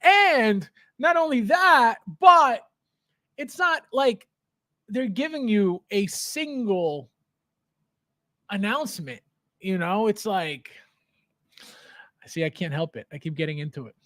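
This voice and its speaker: A man's voice: sits high, expressive, takes it slowly, pauses often, sharp tone, no echo, clean studio sound. A man hosting a casual livestream from his home basement, greeting viewers by name, reading chat aloud and laughing often. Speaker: livestream host.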